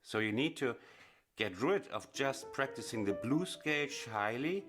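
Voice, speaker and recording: A man teaching blues piano in a chatty, explanatory way, often pausing with fillers and restarting phrases. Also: medium pitch, expressive. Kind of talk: casual instructional explanation. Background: piano playing.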